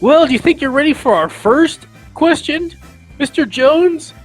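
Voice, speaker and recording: A man voicing a slick, excitable male game show host with loud, gleeful showman patter. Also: very high voice, measured pace, faint music behind, voice pushed up, low-quality recording.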